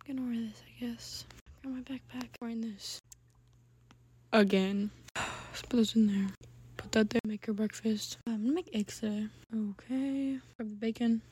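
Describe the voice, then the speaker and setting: A woman narrates an improvised toy role-play story. She keeps her voice soft, often dropping into whispered asides. Her voice sits a little high. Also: a little hiss or hum.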